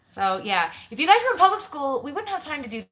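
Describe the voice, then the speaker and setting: A woman's voice: high-pitched, sing-song, quick pace, a bit bright. A woman in her forties hosting a live question-and-answer stream with her kids. She talks casually and tells long family stories. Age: 40s. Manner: chatty storyteller, reads viewer comments aloud. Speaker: host, homeschooling mother. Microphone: live stream camera mic.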